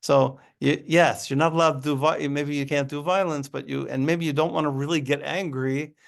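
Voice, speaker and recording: Guy with a gravelly voice teaching a casual study class, wry and chatty. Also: a little high, steady tone, normal speed. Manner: conversational, wry, thinks aloud. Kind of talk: informal lesson.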